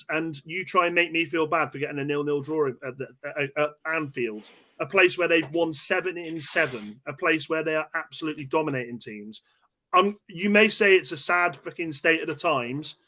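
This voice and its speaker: A man in his thirties hosting a casual football podcast from home, animated, swearing, and restarting his sentences. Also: on the high side, a little hiss or hum. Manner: animated, swearing, repeats himself, stumbles over restarts. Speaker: podcast host. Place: home room.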